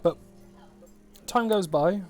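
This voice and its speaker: English West Midlands man, game master, casual swearer, rambling, higher register. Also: slow pace, a little mellow, soft background music. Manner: swearing, laid-back, rambling. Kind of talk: narrating a tabletop game online. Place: home, online session.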